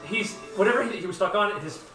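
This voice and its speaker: A man narrating as game master of a tabletop game, talking casually with many fillers and lively asides. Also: high voice, fast talker, echoey room, far from the mic, over music. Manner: animated, lots of "like" fillers, jumps into character voices.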